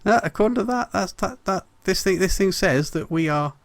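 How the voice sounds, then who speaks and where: Lively man, animated high voice. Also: normal speed, dry recording. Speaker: podcast host running the stream. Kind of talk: casual chat.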